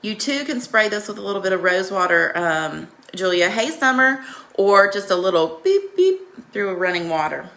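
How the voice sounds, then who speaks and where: A woman's voice: mid-range voice, big pitch swings, moderate pace, fairly bright tone. A woman hosting a live makeup tutorial, chatting and greeting viewers by name while coaching them through each step in a reassuring way.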